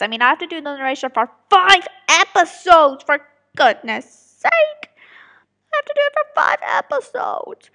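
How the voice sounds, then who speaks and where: A woman with a high, bright voice talks to herself between takes of her own audio drama. She sighs, mutters and mocks herself, and her pitch swings widely. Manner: self-mocking, sighing, chatty muttering to herself. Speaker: writer and voice actor of an audio drama. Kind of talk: casual blooper outtakes while recording.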